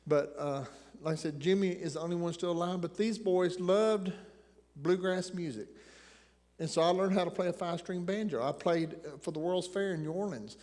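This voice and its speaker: A man in his sixties from the Tennessee mountains of Appalachia, speaking with an Appalachian accent, preaches a folksy sermon packed with jokes and rambling asides. He's a pastor with a high, slightly mellow voice at normal speed, recorded in a church sanctuary where the hall's reverb rings long.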